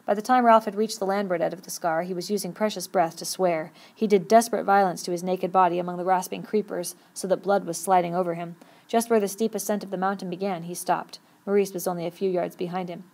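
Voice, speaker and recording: A woman reading a novel aloud with steady, expressive storytelling. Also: fairly low pitch, fast talker. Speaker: audiobook reader.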